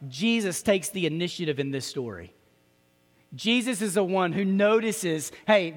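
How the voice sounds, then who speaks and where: A man's voice: very high-pitched, a bit bright, big-room sound. A male pastor preaching a sermon in a conversational, emphatic way. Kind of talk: sermon with scripture reading.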